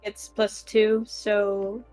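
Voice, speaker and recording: A woman's voice: mid-range voice, completely flat delivery, very slow, music in the background. A woman playing a tabletop role-playing game, thinking aloud with hesitant restarts. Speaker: player.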